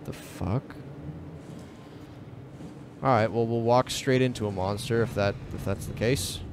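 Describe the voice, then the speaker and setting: A man's voice: fairly low pitch, fairly even intonation, a little slow. Young man, jumpy game commentary, swears, talks to characters, noisy recording. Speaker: gameplay commentator. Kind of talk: let's play commentary.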